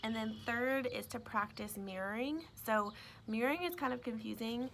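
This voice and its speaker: A woman's voice: a little high, moderate pace, creaky, noisy background. A woman teacher giving a casual, chatty lesson outdoors by a greenhouse, with frequent fillers and "right?" tag questions.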